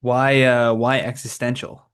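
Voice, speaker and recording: A man of middling pitch hosting a casual podcast chat. He is quick to laugh, tosses in eager "yeah, yeah"s, and asks easy follow-up questions. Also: little pitch movement, fairly bright tone, clear, resonant tone. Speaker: podcast host.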